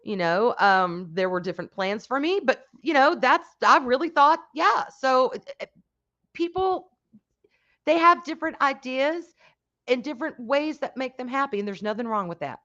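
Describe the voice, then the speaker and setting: Bright-voiced woman streamer. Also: sits high, moderate pace. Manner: frank, swears casually, reads chat aloud; bursts into loud excited greetings to viewers. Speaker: livestream host chatting with viewers. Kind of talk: casual livestream chat. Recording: dull lo-fi stream audio.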